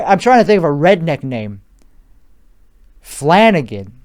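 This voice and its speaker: A man's voice: a little high, very animated, measured pace, pauses often, a little mellow. A man hosting a solo podcast, rambling through a crude comedic riff with restarts and swearing. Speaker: podcast host.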